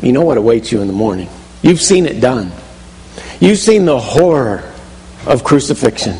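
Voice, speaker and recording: A man's voice: medium pitch, big pitch swings, normal speed, warm tone, long reverb tail, poor audio. A man preaching a sermon, telling a story vividly in the second person and often restarting his phrases. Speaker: pastor.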